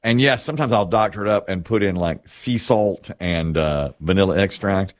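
This middle-aged radio show host has a deep voice and talks at a moderate pace. He chats casually on air, drifting into rambling stories and often restarting his sentences.

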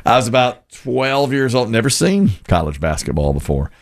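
A man co-hosting a casual radio show, telling long animated stories and jumping into squeaky voices for the people he quotes. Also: moderate pace. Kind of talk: casual morning radio banter.

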